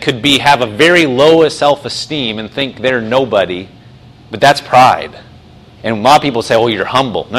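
A man delivers a sermon in a loose, conversational way, with frequent restarts. He slows down and leans into phrases he wants to stress. His voice sits at an ordinary middle pitch. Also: a bit bright, rough recording. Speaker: pastor.

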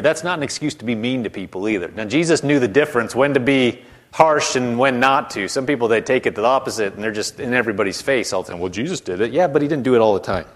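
A man preaching a sermon in a conversational way, slowing down to stretch key words and dropping into hushed voices to mimic doubters. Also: mid-range voice.

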